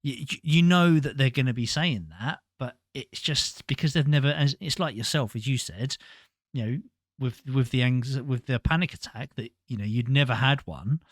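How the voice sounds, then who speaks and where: A man's voice: mid-range voice, moderate pace, dry recording. A man hosting a podcast, talking in an earnest, rambling way, often stumbling and restarting his sentences. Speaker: podcast host. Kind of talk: casual conversation.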